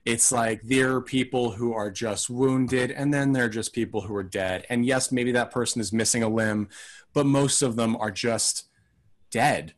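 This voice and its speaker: A man's voice: mid-range voice, normal speed. A man co-hosting a casual film podcast, talking in a thoughtful, rambling, hedging way. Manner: acts out mock quotes in silly voices.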